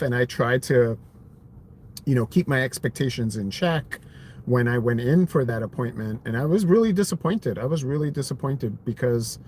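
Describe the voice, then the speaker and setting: A man's voice: mid-range voice, darkish tone, slight background noise. A man in his thirties talking casually on a live stream about his own story, rambling with lots of fillers and restarts. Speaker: vlogger sharing his hearing story.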